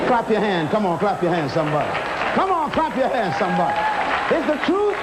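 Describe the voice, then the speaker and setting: A man's voice: sits high, sing-song, fairly quick, very noisy. A man preaching a sermon in an auditorium, emphatic, asking rhetorical questions and calling the crowd to respond.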